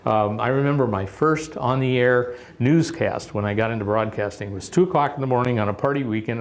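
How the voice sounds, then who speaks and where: A man's voice: medium pitch, darkish tone. A middle-aged man giving a conference presentation, coaching listeners with emphatic advice and frequent "okay?" check-ins. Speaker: presenter at a radio contesting workshop.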